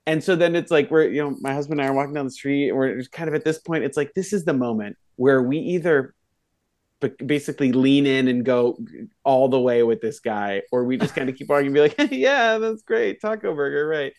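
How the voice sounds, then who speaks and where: Podcast co-host, male, chatty storyteller, mid-pitch, acts out voices in his stories. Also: fairly quick. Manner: animated anecdote teller, voices the people in his story. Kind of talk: casual chat, storytelling.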